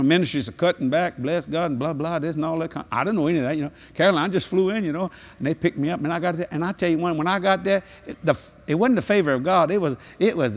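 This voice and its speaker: Older evangelist, husky and a bit high, comic preaching with bursts of squeaky exclamation. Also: male voice. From New Orleans, Louisiana. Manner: animated, jokey storytelling with sudden high-pitched exclamations. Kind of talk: humorous sermon. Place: large convention hall.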